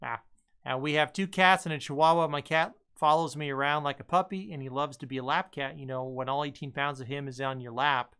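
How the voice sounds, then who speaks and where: A man's voice: on the high side, steady tone, a little fast, bright, forceful tone, clear, resonant tone. A man co-hosting a live stream, reading viewer comments aloud in an easygoing way with plenty of "uh"s. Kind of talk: casual live-stream chat.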